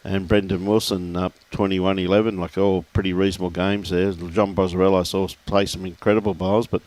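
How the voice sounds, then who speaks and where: A man's voice: sits low, level tone, brisk, a little mellow. A man commentating live lawn bowls, chatty and jokey, reeling off scores and bantering with his co-host. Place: bowls club.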